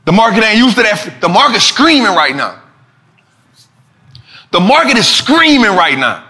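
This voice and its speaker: A man hosting a casual finance talk show, animated and preachy, full of slang and repeating lines for emphasis. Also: high voice, moderate pace. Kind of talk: casual market commentary.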